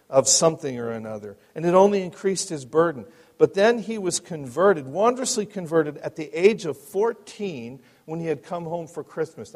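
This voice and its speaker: Male pastor, high voice, animated storytelling sermon, echo of a big church. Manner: animated, dramatic, asides to the congregation. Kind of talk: sermon with read-aloud storytelling.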